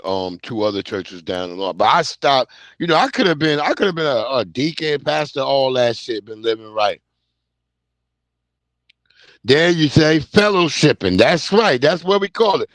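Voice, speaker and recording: A man's voice: mid-range voice, animated, normal speed, no echo. A man, telling a loose, profane story in casual chat on a podcast. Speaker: podcast co-host.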